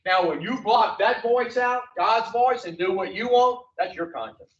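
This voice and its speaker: A man's voice: high voice, measured pace. A man leading an addiction recovery group, lecturing bluntly and profanely and firing rhetorical questions at the room. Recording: distant, echoey, dull room recording.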